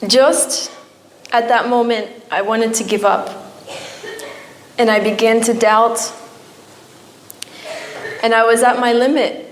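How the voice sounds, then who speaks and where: A woman's voice: fairly high pitch, fairly even intonation, slow, long pauses, slight background noise. A young woman giving an emotional personal testimony at a church, her storytelling rising at times into pleading. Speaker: church speaker. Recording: echoey church hall.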